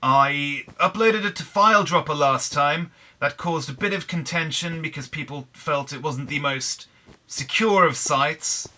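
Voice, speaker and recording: A man's voice: fairly high pitch, measured pace, bright, forceful tone. An English man giving casual, wry, self-deprecating commentary as he plays Minecraft. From England. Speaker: gaming channel host.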